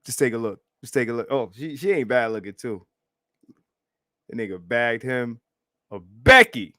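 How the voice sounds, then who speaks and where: A man hosting a live stream, reacting to clips in a profane, animated, repetitive way and laughing often. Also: medium pitch, moderate pace, dry recording, studio quality. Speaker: livestream host.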